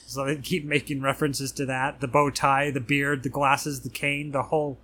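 A man hosting a podcast in casual chat, laid-back and quick to agree. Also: medium pitch, little pitch movement, bright, forceful tone. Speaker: podcast host.

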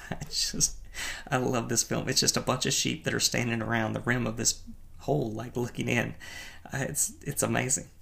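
A man's voice: medium pitch, little pitch movement, a little fast, creaky, a bit bright. A man giving a casual, wry film review, teasing himself and chuckling. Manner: wry, playfully self-mocking, with chuckles and stumbles. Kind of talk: casual movie review commentary.

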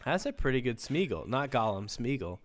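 A man's voice: mid-range voice, very animated, brisk. A man from the St. area co-hosting a casual comedic chat, trading dry, wry quips and reading a book aloud. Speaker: podcast co-host.

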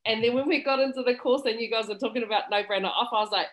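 A woman's voice: on the high side, very fast, a little hiss or hum, rough recording. A woman speaking over a video call, giving an effusive, emotional and grateful testimonial in a heartfelt way. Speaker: student interviewee.

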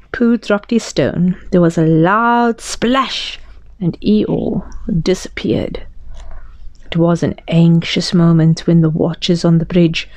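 A woman reading a children's storybook aloud in a slow, gentle, expressive way. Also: on the low side, no room sound. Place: library.

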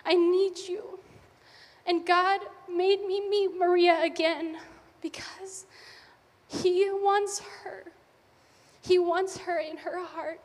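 A woman's voice: extremely high pitch, fairly even intonation, slow pace. A woman missionary sharing a personal testimony from the front of a church, heartfelt and emotional. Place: church sanctuary. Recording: church hall reverb.

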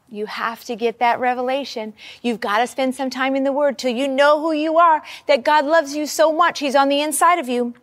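Preaching a sermon, a woman reads scripture and talks it through in an animated, conversational teaching style. Her voice is high-pitched and her pace is normal.

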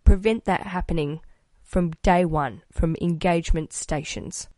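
A woman's voice: fairly low pitch, a little slow, no room sound. Australian woman host, chatty interviewer, close dry mic. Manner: chatty, laughing asides, animated quotes. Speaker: podcast host. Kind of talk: casual interview chat.

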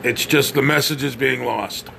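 A man's voice: mid-range voice, moderate pace, gravelly, noisy background. A blunt, profane man ranting on his podcast, often stammering and restarting. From United States. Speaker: podcast host. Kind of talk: opinionated podcast rant.

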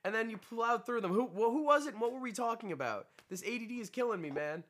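A man's voice: very high-pitched, quick pace, a crowd in the background. A man co-hosting a casual podcast with friends, bantering, joking and slipping into mock voices. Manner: animated, jumps into mock voices and laughs often. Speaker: podcast co-host.

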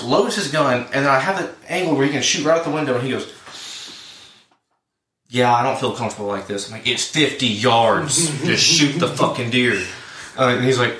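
A young man in his twenties, a podcast co-host and hunting guide, telling a story casually with lots of profanity and acted-out dialogue. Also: medium pitch. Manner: profane, animated storyteller acting out both sides. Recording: roomy, distant mic with faint noise.

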